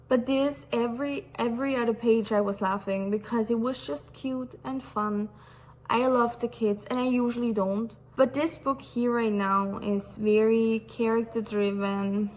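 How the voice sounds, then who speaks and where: Enthusiastic young woman gushing about a book. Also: fairly high pitch. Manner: enthusiastic, rambling with many "like"s. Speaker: book vlogger. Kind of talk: casual book review chat.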